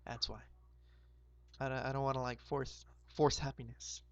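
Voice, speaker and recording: A hoarse young man hosting a roleplay game, casually recapping the map in a rambling, laid-back way with lots of fillers. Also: medium pitch, flat delivery, moderate pace, no room sound. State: hoarse, sore throat.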